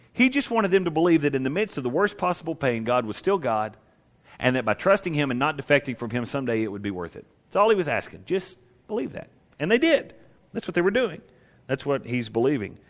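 A man preaching a sermon in a conversational manner, checking in with his listeners by asking "right?". His voice sits at a middling pitch. A long reverb from a large church hall follows his words. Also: fairly bright tone. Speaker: pastor.

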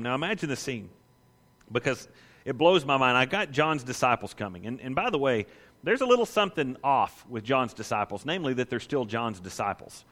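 A man preaching a sermon, reading scripture and then telling the story in an animated, emphatic way, often asking "right?". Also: medium pitch, fairly quick, in a large hall. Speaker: pastor.

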